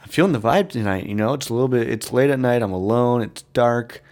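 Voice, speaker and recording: A man putting on the voice of a smooth late-night radio DJ, low and hushed, crooning his lines. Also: fast talker, close to an everyday voice. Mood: sultry. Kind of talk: mock radio announcing.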